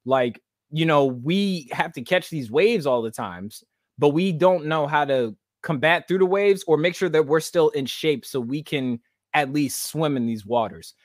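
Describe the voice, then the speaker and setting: A young man hosting a podcast over a video call, talking in lively, slangy casual chat. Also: on the high side, unhurried, no echo, studio quality. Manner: animated, slangy, hyped talk. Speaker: podcast host.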